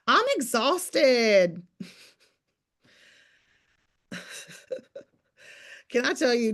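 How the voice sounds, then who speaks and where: On a call with her accountability group, a woman in her thirties gives a preachy, teasing pep talk, coaching them fast and emphatically. Her pitch is fairly low.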